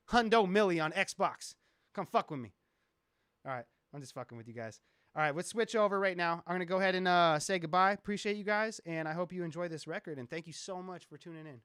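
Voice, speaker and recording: A man's voice: high-pitched, fairly bright tone, dry recording, clean studio sound. A man who produces music, hosting a casual live stream, rambling, joking and swearing a lot. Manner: profane, rambling, joking with chat.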